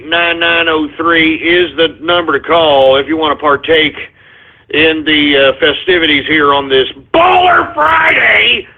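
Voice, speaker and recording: Male call-in radio host, short of breath and worked up, thin lo-fi audio. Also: a little high. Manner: agitated, swearing, out of breath. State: winded. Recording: phone-like narrow audio.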